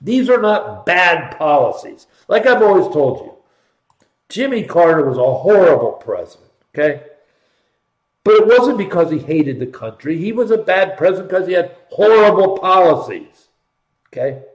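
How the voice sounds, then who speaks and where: Middle-aged male host, emphatic and sarcastic, high voice, roomy echoey sound. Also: sing-song, normal speed. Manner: emphatic, sarcastic, repeats for stress. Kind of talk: political commentary show.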